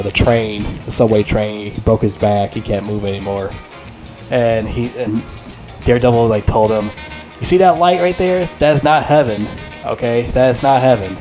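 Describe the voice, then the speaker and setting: Speaking in a lowish voice, this man reviews a movie off the cuff. He's excitable and rambling, swears without restraint, and relies heavily on fillers.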